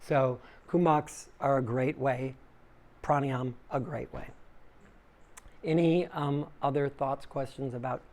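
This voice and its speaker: A man gives a relaxed spoken talk on yoga breathing to a small group in a room. His delivery is casual and chatty, with the plain middle pitch of an everyday male voice, and he answers listeners' questions as he goes. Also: slow pace. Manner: casual and conversational, acts out inner voices loudly with big pitch jumps. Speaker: yoga teacher giving a dharma talk. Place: small room with a live audience.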